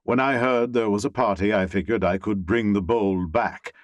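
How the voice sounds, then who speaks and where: A man's voice: lowish voice, normal speed, no echo, natural voice. A man voicing a stiff, snooty British ex-husband in a clipped, disdainful British accent for an audiobook. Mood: haughty.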